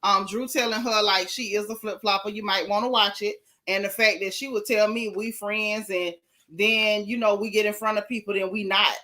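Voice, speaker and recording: A reality show recap host, this woman chats on her live stream at a normal speed with a medium-pitched voice. She gossips bluntly and sassily with lots of animation, and she thanks her viewers along the way.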